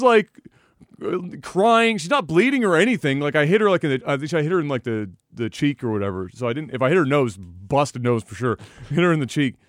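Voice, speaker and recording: A man co-hosting a podcast, telling a profane, animated story full of laughter in casual talk. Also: fairly high pitch, dry recording, clean studio sound. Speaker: podcast co-host.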